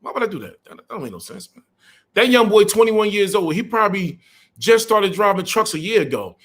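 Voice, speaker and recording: A man's voice: sits high, very animated, fairly quick, a bit bright. A middle-aged man hosting a live stream, a truck driver ranting bluntly, repeating himself and greeting viewers. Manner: blunt, repetitive, greets viewers mid-rant.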